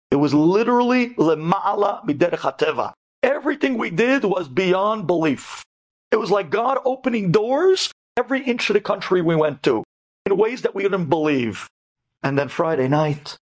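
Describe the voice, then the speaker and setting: A man from Brooklyn telling a stirring story to an audience, swinging from loud high bursts to low murmurs and sprinkling in Hebrew and Yiddish terms. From Brooklyn, New York.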